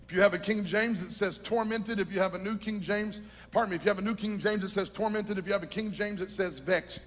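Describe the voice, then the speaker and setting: A man preaching a sermon, teaching from scripture with fervent, shouting emphasis. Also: high voice, steady tone, fast talker. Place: large hall with a congregation. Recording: long hall reverb.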